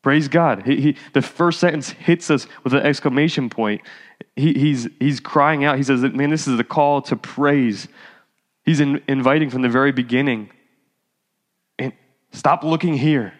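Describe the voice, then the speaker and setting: A man's voice: mid-range voice, normal speed. A male pastor giving a sermon in a casual, conversational way that rises to fervent exhortation. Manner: conversational preaching, rising to exhortation. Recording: hall reverb.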